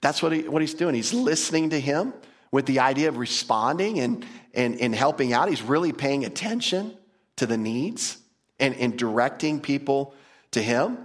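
A man's voice: medium pitch, animated, moderate pace. Man, Bible teacher, enthusiastic, conversational, repeats himself, asks listeners questions.

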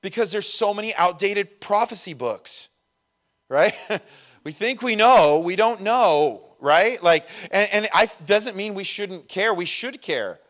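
A young man preaching a sermon in a casual, animated way, acting out quick voices of the people in his story. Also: sits high. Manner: animated, acts out voices of disciples and Jesus. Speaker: pastor.

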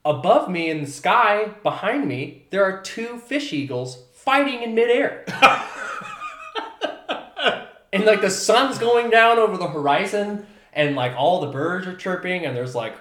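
A young man tells a story in a casual, animated way. He leans on fillers and lets his sentences sink to a murmur. The room around him is echoey. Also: high-pitched, a little slow. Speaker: podcast guest.

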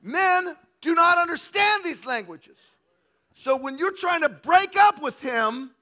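A man preaching a humorous sermon, telling comic stories with animated delivery. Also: extremely high pitch, measured pace.

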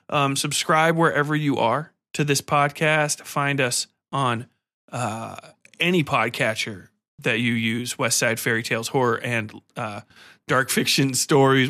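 A man's voice: medium pitch, bright, forceful tone. Blunt, rambling male podcast host. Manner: rambling, blunt and profane, lots of fillers. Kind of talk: casual solo podcast outro.

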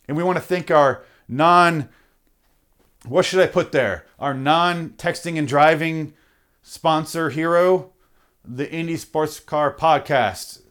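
A man hosting a podcast, ranting comedically and profanely and acting out little bits. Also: on the high side. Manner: profane, animated, acts out bits. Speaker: podcast host. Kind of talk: comedic solo rant.

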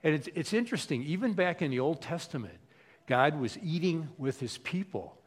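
A man's voice: fairly high pitch, lively intonation, moderate pace, husky. A man preaching in a casual, conversational way, acting out little quoted voices as he tells stories. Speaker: pastor. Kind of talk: casual sermon.

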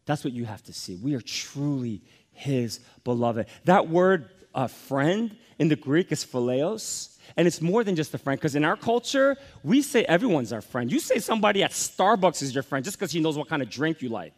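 A man in his forties preaching a sermon as a pastor. His delivery is emphatic, dropping to soft lows and then climbing to energetic peaks. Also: normal speed, few pauses.

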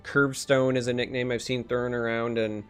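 A man co-hosting a streamed podcast, thinking aloud as he talks. His pitch sits mid-range for a man. Faint music plays behind him. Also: little pitch movement, moderate pace, clean tone. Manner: thinking aloud with many restarts and fillers. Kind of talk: casual podcast chat.

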